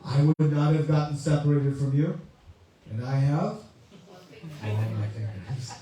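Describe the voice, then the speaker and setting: A man voicing a calm, faithful royal minister within a spoken parable. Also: fairly high pitch, a little slow, natural voice. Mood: serene. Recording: echoey hall, mic far off.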